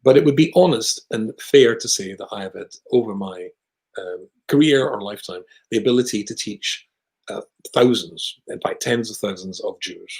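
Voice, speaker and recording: A man with a British accent, a rabbi telling a long personal story in conversation, with lively asides. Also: lowish voice, normal speed, low-quality recording. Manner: animated anecdotal storyteller with asides.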